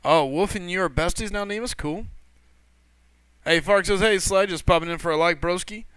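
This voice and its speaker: Greeting viewers and reading their messages aloud, a man runs a gaming livestream in casual, rambling chat, full of fillers and self-corrections. His voice is high-pitched, fairly bright, and clean at a normal speed, recorded dry.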